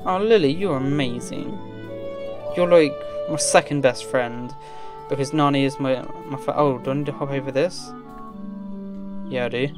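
A man's voice: medium pitch, moderate pace, pauses often, music in the background. Jumpy, chatty young male gamer. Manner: chatty, jumpy, gasps and sighs when startled. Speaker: let's play gamer. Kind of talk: casual gameplay commentary. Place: home desk with chair.

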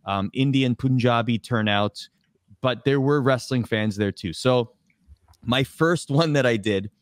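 A man guest on an interview podcast, telling anecdotes with animated, lively delivery and acting out voices. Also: medium pitch, dry recording. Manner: lively, acts out voices in anecdotes, fast asides. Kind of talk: animated storytelling in casual chat.

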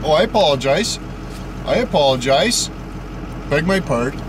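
A man with a slightly high, animated voice vlogs at a moderate pace from behind the wheel of a moving car, with road noise audible. In this casual driving vlog he jokes and swears constantly in slangy talk.

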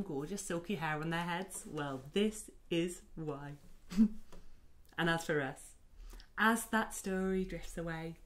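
A woman telling a story to toddlers, animated and sing-song, clapping and singing along. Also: medium pitch. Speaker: children's storyteller. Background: soft cello.

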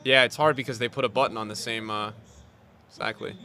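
A young man giving live commentary on a football video game as he plays, swinging from mumbled asides to loud outbursts. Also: mid-range voice, steady tone, fairly quick, no echo. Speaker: gaming streamer.

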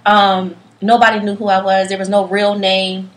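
A woman, telling stories in an animated way as a podcast guest in a casual chat. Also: moderate pace, echoey room. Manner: animated storyteller, acts out others' lines in a higher voice. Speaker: podcast guest, nonprofit founder.

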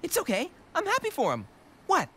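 A woman's voice: very high-pitched, huge pitch swings, brisk, heavy background noise, exaggerated voice. A woman voicing cocky cartoon boy Zach. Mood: sulky. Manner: brash, boastful, bouncy delivery. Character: boastful young boy butt, cocky wannabe rapper. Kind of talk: cartoon voice acting.

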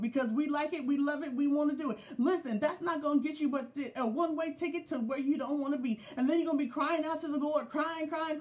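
A middle-aged woman preaching a sermon in a fervent, repetitive cadence that builds to shouts. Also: high voice. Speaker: preacher, pastor's wife.

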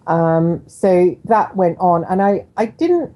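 A woman's voice: on the low side, big pitch swings, takes it slowly, dark tone. A middle-aged English woman from West London hosting a radio show, telling her story in a rambling, hesitant way full of ums and self-deprecating asides. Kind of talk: casual monologue. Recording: dull lo-fi internet radio sound.

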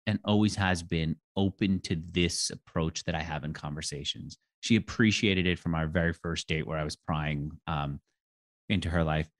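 A man in his forties, a podcast guest, talking casually and acting out quoted dialogue with lively storytelling. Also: deep voice. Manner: animated, acts out quoted dialogue, tells stories fast. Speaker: podcast guest, interviewer and author. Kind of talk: casual conversation.

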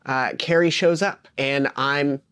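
A young male teacher telling an animated, self-deprecating story. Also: mid-range voice, takes it slowly, clear, resonant tone, no room sound. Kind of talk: casual anecdote.

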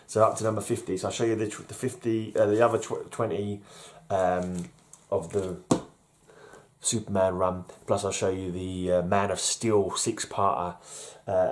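A man's voice: on the low side, darkish tone. Chuckling, rambling man. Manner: rambling, chuckling, self-deprecating. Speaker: vlog host. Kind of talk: casual solo vlog chat.

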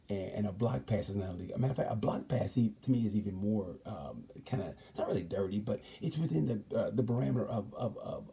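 Man, comedic sports commentary, rambling and emphatic, very dark mellow tone, husky voice. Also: lowish voice. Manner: rambling, emphatic, keeps saying "let me tell you something". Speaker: host.

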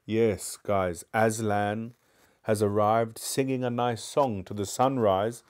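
A man with a low voice reads a children's classic aloud live, steady and measured. Between chapters he chats in a relaxed, easygoing way as a book club host. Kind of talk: live audiobook reading and casual chat.

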